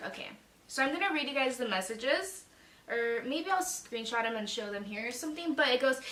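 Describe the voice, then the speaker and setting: A young adult woman vlogs a dramatic, chatty storytime, swearing freely. Her voice runs on the high side, expressive, pushed and bright at a moderate pace, recorded in an echoey room with the mic a bit far off.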